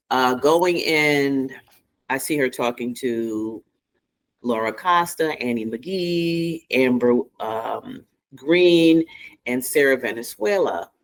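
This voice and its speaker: Brief: a man of middle pitch telling his story to an interviewer, halting, restarts, present-tense narration. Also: lively intonation, poor audio. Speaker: interview guest, former staffer. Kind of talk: first-person recounting in an interview.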